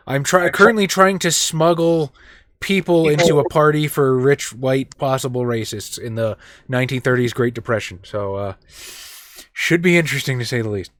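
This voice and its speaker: Male player, wry relaxed chat, mid pitch, dry close audio. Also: normal speed, no echo. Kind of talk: casual chat.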